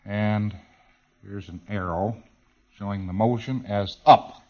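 A man giving a technical lecture, animated and acting out the exchanges he describes. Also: lowish voice, slow. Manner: animated, acts out exchanges in quoted voices. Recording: dull lo-fi recording.

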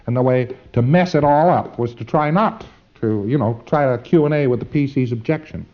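Speaking a little fast at a medium pitch, this man gives a casual teaching lecture in a folksy, emphatic style, sprinkling in plenty of asides and filler words. The audio is lo-fi and dull.

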